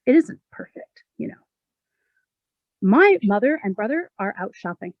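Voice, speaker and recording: A woman poet giving a measured, expressive reading of her own poems. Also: medium pitch, no room sound, highs cut off. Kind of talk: poetry reading.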